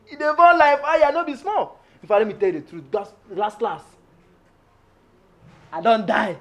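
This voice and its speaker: A man's voice: sits high, moderate pace, highs cut off, a little hiss or hum, lightly acted. A man playing a lovestruck greedy houseboy in Pidgin. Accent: Nigerian Pidgin. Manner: rambling, theatrical pleading, repeats himself. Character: comic young male houseboy, greedy and lovestruck. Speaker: actor playing a lovestruck, food-obsessed houseman named Friday. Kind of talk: Nollywood film acting.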